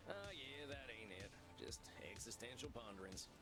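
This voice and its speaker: An actor playing a weary, reflective cowboy vampire, talking in a folksy, laid-back over game music. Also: male voice, mid-range voice, big pitch swings, normal speed, lightly acted. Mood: musing.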